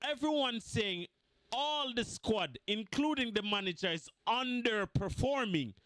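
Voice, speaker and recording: A man's voice: very high voice, lively intonation, unhurried, fairly bright tone, no room sound. A man giving a heated football fan rant, mocking and repeating his points for emphasis.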